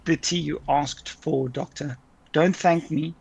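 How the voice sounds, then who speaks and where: A man voicing a brisk, no-nonsense woman agent who gives curt commands. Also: fairly high pitch, fairly even intonation, vocal fry, slightly rough, full character voice.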